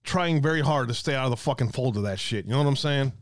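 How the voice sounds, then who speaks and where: A man's voice: mid-range voice, fast, no echo, clean studio sound. A man hosting an online talk stream, ranting in a profane, exasperated way and reading out viewer comments.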